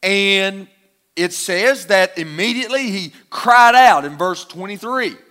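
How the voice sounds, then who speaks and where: A man's voice: sits high, animated, a little slow, sharp tone. A man preaching a sermon, explaining a scripture passage verse by verse with emphatic rhetorical questions.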